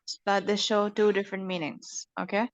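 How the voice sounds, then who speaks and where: A woman at a middle pitch teaches an English lesson, explaining patiently and often stopping to ask "okay?". The recording is dull and lo-fi, with a dry, close sound and little room echo. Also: level tone, brisk. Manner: patient, explains step by step, checks understanding with "okay?".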